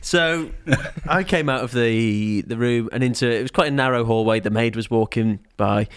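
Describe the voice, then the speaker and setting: A man's voice: mid-range voice, moderate pace, smooth, no room sound, clean studio sound. A man hosting a casual podcast chat, telling stories and laughing often. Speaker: podcast host.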